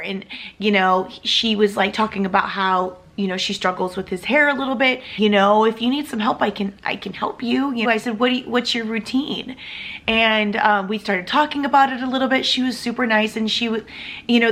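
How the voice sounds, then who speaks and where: A woman's voice: a little high, fairly bright tone. A woman in her thirties, an adoptive mother, telling a heartfelt story to her vlog audience in a chatty way with lots of fillers. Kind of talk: casual storytelling to camera.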